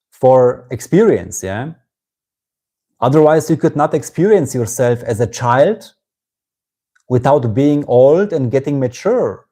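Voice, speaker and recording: A man with a German accent speaks as a spiritual teacher on a live stream. His voice is mellow and soft-edged. He muses in a reflective way, often closing thoughts with a questioning "yeah?". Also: mid-range voice. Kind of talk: live-streamed satsang talk.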